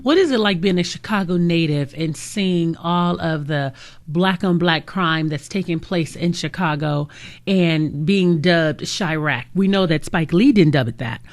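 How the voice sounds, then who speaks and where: A woman's voice: fairly low pitch, unhurried. A woman hosting a talk show, asking questions and thanking her guest in a polite, upbeat way. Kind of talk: interview.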